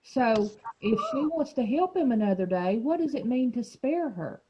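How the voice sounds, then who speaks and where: A woman's voice: a little high, expressive, normal speed, warm tone, lo-fi sound, a little hiss or hum. A woman teacher leading a small reading group over a video call, asking questions and explaining words patiently.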